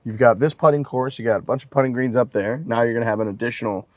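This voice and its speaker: A man hosting a golf podcast in casual chat, halting and chatty. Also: mid-range voice, darkish tone, no room sound. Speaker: podcast host.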